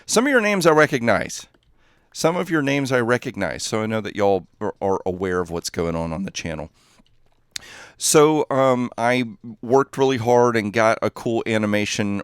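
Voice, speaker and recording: A man's voice: fairly low pitch, smooth, no room sound, studio quality. A man chatting casually while livestreaming a game, rambling and easily distracted, often laughing at his own jokes. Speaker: gaming livestreamer.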